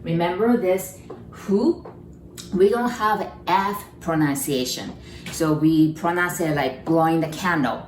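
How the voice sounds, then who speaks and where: A woman's voice: on the low side, slow pace, slight background noise. A woman teaching a beginner writing lesson, patiently sounding out syllables and checking in with her learners. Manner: patient, repeats syllables, checks in with "okay?" and "right?". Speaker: Japanese teacher. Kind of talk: slow explanatory lesson. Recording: roomy, distant mic, faint ambience.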